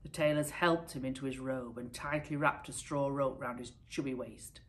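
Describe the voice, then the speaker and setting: Low-voiced teacher reading a storybook. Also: female voice, moderate pace. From United Kingdom. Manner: expressive, lively storytelling. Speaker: primary school teacher. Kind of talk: reading a picture book aloud to pupils.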